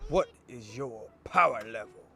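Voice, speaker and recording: A man hosting a comedic movie review vlog, animated and profane, breaking into quick comic skits. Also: medium pitch, creaky, loud music behind the voice.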